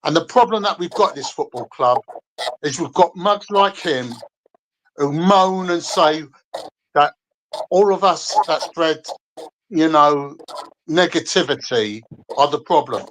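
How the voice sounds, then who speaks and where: A man's voice: on the high side, a little slow, pauses often, a bit bright, rough recording. A man calling in to a fan stream, ranting angrily and swearing at another fan. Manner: angry, swearing, combative. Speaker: guest caller. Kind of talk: heated fan rant.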